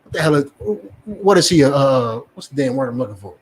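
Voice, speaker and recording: A man's voice: mid-range voice, lively intonation, a little fast. A man with a New Jersey accent preaching a fiery street sermon, swearing and acting out the voices he quotes.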